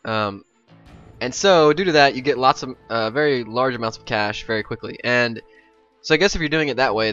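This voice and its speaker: Young male gameplay commentator, bright voice, loose and rambling with lots of ums, over faint music. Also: fairly low pitch, dull audio. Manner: rambling, many ums and asides. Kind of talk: casual game commentary.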